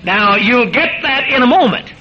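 A man delivers a sermon in an unusually high voice, pressing his points emphatically and speaking straight to his listeners. The sound is dull and muffled, like an old radio broadcast. A steady hiss runs underneath. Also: normal speed. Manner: emphatic, addresses listeners as beloved. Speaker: preacher.

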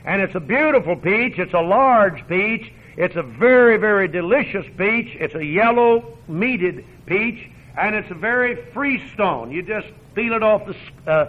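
A preacher with a high voice mixes homespun jokes and easy laughter into his sermon. He comes through a thin, phone-like radio broadcast that cuts off the lows and highs. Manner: homespun and joking, laughs often. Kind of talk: folksy sermon with storytelling.

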